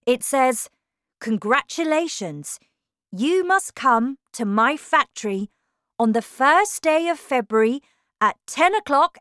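A woman voicing a calm father who reads out a letter in a storybook reading. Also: high-pitched, no room sound, studio quality, pitched above the performer's own voice, full character voice.

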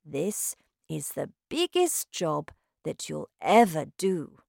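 A woman voicing a kind, protective elderly grandmother, speaking slowly and gently. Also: low-pitched, big pitch swings, vocal fry, no echo, clean studio sound, exaggerated voice. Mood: gentle.

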